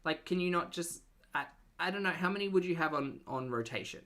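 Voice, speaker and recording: A woman's voice: on the low side, lively intonation, fairly quick, fairly bright tone. A woman giving mocking reaction commentary and wry asides to her chat.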